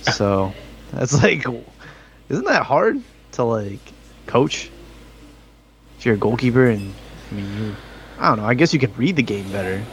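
A man's voice: mid-range voice, sing-song, measured pace, pauses often, a little hiss or hum. A young adult man co-hosting a casual podcast chat, easygoing and questioning, with frequent "like" in his talk. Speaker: podcast co-host.

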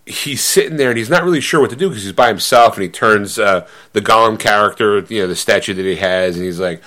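A man's voice: lowish voice, fast, bright, forceful tone. A man co-hosting a podcast, chatting casually, rambling with many fillers and breaking into laughter often. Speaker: podcast co-host. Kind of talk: casual chat.

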